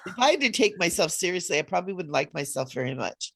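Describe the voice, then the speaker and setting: A woman's voice: lowish voice, fast, vocal fry. Laughing woman in spiritual chat. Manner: laughs often, playful and animated. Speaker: co-host.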